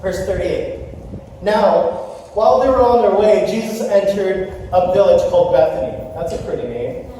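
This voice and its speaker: A man preaching a sermon as pastor, telling stories and talking to his congregation with animated asides. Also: sits high, moderate pace, a little hiss or hum. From Canada. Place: church sanctuary. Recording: echoey hall from far off.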